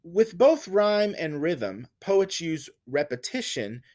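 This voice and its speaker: A man's voice: fairly high pitch, sing-song, a little mellow. A man giving a recorded literature lecture, patiently explaining poetic meter and reassuring his students. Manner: patient and reassuring, slow and deliberate, counts out stresses. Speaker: literature teacher.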